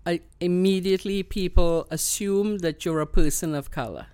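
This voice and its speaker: A woman with a Trinidadian accent, a guest explaining her views in an earnest, measured way. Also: lowish voice, dark tone, smooth, dry recording. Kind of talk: conversational interview.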